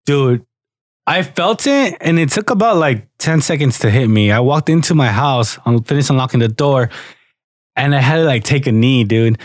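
A man's voice: medium pitch, moderate pace, no echo, clean studio sound. A young man co-hosting a podcast, telling stories casually, swearing often and acting out what people said. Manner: animated storyteller, heavy swearing, acts out quotes. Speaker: podcast co-host.

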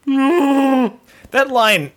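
A man's voice: very high voice, very slow, fairly bright tone, faint music behind. A man co-hosting a podcast in casual chat who laughs a lot and jokes around. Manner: laughs often, joking. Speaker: podcast co-host.

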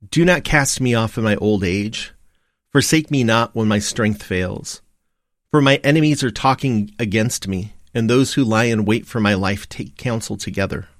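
A man reading morning prayer and scripture aloud in a measured, steady recitation. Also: lowish voice, no room sound, clean studio sound. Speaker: liturgy reader.

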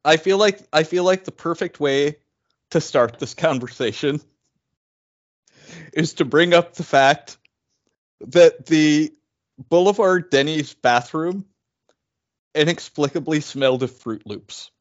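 A man's voice: on the high side, slow pace, pauses often. A man co-hosting a casual podcast, tossing in wry, dry remarks. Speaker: podcast co-host. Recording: dull lo-fi podcast mic.

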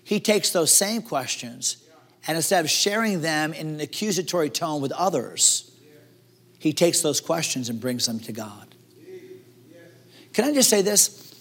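A man preaching a sermon as pastor, acting out voices and swinging between hushed and loud delivery. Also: on the high side, lively intonation, measured pace, pauses often, husky.

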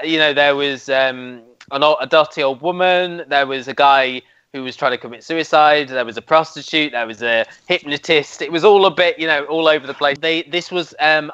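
This is a chatty man hosting a podcast and talking over TV shows in a casual way. His voice sits a little high. The audio is dry and dull. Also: a bit bright, clean tone, no room sound. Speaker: podcast host. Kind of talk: casual TV review chat.

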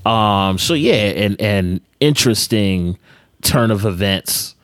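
A man co-hosting a podcast in casual chat, relaxed and slangy with many fillers. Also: fairly low pitch, slow pace, dry recording, faint music behind. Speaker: podcast co-host.

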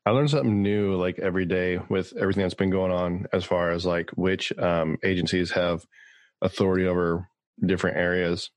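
A man with a low voice hosts a casual podcast from California. He rambles good-naturedly, filling pauses with ums and uhs. The sound is dry and close. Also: steady tone, no echo. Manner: rambling, joking, many fillers. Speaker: podcast host.

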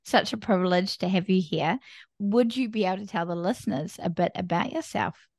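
A woman's voice: mid-range voice, brisk, darkish tone, dry recording. A woman hosting a podcast, bubbly and encouraging, speaking straight to her listeners on a close mic. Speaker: podcast host. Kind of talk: upbeat podcast intro and interview.

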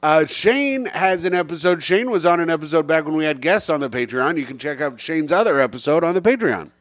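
A man's voice: a little high, expressive, fairly quick, no echo. A young man hosting a casual podcast, crude and joking as he reads out listener comments. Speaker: podcast host.

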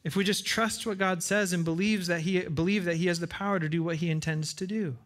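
A man's voice: high voice, fairly even intonation, a little fast, fairly bright tone. A man preaching a sermon as pastor in a church, earnest, repeating phrases for emphasis and acting out short dialogues. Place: church with side screens.

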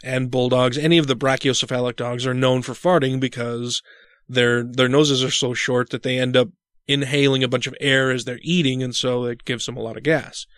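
Man, casual storytelling, profane, animated, dry close sound. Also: medium pitch, moderate pace, dry recording. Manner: animated, profane, acts out his own panicked voice. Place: home studio.

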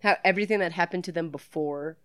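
A woman's voice: on the low side, fast, dry recording. A woman co-hosting a podcast, riffing on a movie in casual, crude, joking banter. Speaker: podcast co-host. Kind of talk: casual movie commentary chat.

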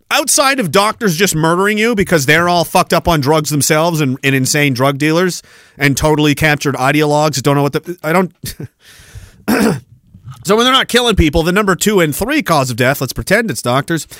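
Male podcast host, profane mocking ranter, bright sharp voice, dry close sound. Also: fairly high pitch, lively intonation, normal speed, no echo. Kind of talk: ranting commentary.

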